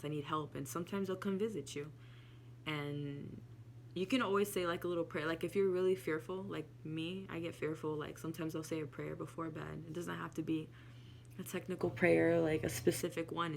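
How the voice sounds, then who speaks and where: Low, gravelly woman telling a story. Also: a little hiss or hum. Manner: candid, swears freely, emotional, laughs often. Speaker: spiritual vlogger. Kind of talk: casual storytelling monologue.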